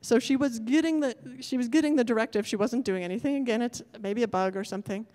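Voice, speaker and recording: A woman's voice: a little high, fast, darkish tone. Woman giving a conference talk on a stage mic, big hall with a long echo, keeps rephrasing herself as she thinks. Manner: thoughtful, self-correcting, apologetic about technical glitches. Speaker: conference speaker. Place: large lecture hall.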